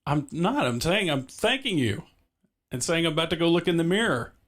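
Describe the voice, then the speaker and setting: A man hosting a live stream, calm and easygoing, steering the conversation and reading the chat. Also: a little high, moderate pace. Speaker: stream host.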